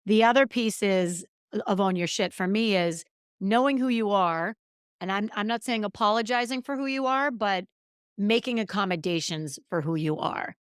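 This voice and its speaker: Speaking at medium pitch and a normal pace, a middle-aged woman hosts a casual solo podcast monologue. She talks candidly and emphatically with a self-deprecating streak, and her clean-toned voice is captured in a dry, clean studio recording.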